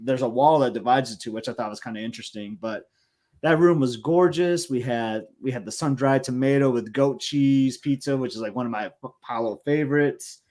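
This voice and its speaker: A man's voice: medium pitch, a little fast, darkish tone. A man co-hosting a podcast, talking in an enthusiastic, rambling casual chat. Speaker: podcast co-host.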